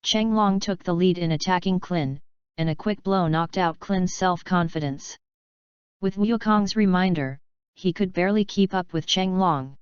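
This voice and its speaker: A woman narrating a fanfiction audiobook in a steady, even storytelling read. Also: on the low side, normal speed, clean tone, no echo. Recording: slightly dull, lo-fi dry sound.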